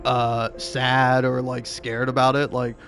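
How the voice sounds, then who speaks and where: A man's voice: medium pitch, completely flat delivery, slow, vocal fry, a bit bright, faint music behind. A man in his twenties, a gaming streamer who chats casually, rambling and stammering and laughing often. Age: 20s. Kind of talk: casual chat while playing.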